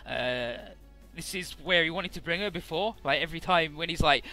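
A man's voice: on the high side, moderate pace, pushed and bright, faint music behind. A man casually recapping a game's story, chatty, with many filler words and the odd swear. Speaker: let's play narrator.

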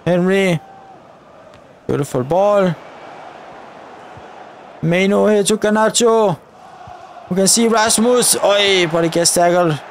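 A young man giving live commentary over a football video game, shouting at the referee in frustrated outbursts. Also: high voice, takes it slowly, pauses often, a faint crowd, a little hiss or hum. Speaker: gaming YouTuber.

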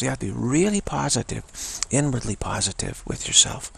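A man giving an unscripted spiritual talk, halting and repeating words between pauses. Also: mid-range voice, very animated, a bit bright. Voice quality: gravelly, husky. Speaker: spiritual teacher.

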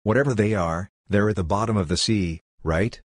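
A man voicing a hulking male berserk demon warrior who speaks in a low, muffled, blunt way. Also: moderate pace, no echo, studio quality, lightly acted.

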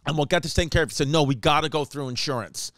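Animated New comedian telling stories. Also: male voice, fairly high pitch, no echo, studio quality. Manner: animated, acts out quotes, rapid run-on storytelling. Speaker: comedian podcast host. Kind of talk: comedic storytelling monologue.

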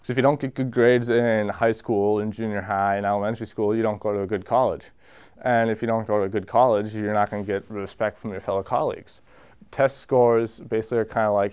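Frank man with a smooth clear voice. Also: on the low side, fairly even intonation, fairly quick, a little mellow. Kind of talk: interview.

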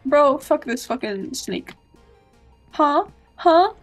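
A high-voiced woman streams a video game, reacting in loud, excitable bursts and swearing freely. She calls out to the characters as she plays. Faint game music runs underneath. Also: takes it slowly. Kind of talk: gameplay commentary.

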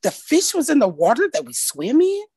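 A woman voicing a ten-year-old girl in a story, shrill and frantic, pleading with her grandmother. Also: huge pitch swings, normal speed, a little mellow, dry recording. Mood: bewildered. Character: young girl of ten, panicked and squealing.

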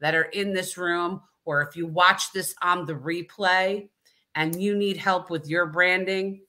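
Peppy lady from new york cohosting a live stream, bright voice, lots of shout-outs. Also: lowish voice, fairly even intonation, measured pace. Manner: upbeat, enthusiastic, gives shout-outs. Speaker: co-host, chapter president. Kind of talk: casual livestream chat.

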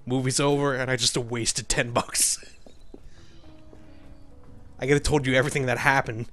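A man's voice: medium pitch, flat delivery, normal speed, a bit bright, faint music behind. A young man giving joking, profane commentary over a game he is playing, laughing often and sniffling a bit. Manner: joking, swearing, laughing often, mock voices. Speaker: let's play gamer.

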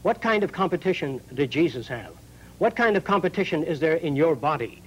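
A man giving a forceful, lecturing talk, recorded from an old radio broadcast. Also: a little high, expressive, brisk, husky, low-quality recording.

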